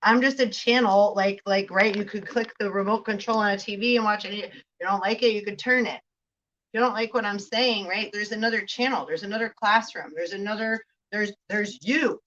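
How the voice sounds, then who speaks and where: A woman's voice: mid-range voice, brisk, a bit bright, lo-fi sound, a little hiss or hum. A woman giving a casual spiritual vlog talk, rambling, laughing often, swearing and asking "right?" again and again. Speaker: spiritual reader.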